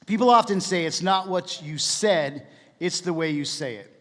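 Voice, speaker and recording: Man, pastor, conversational and jokey, fairly high voice, long hall reverb. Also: moderate pace, fairly bright tone. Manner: conversational, jokey, asks the room questions. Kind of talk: casual church talk.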